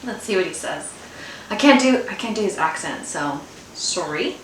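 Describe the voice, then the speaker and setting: A woman's voice: fairly low pitch, animated, moderate pace. A tired woman co-hosting a casual chat, teasing and laughing easily. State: exhausted. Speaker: podcast co-host. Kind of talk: casual chat and reading aloud. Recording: echoey room, mic at a distance, faint noise.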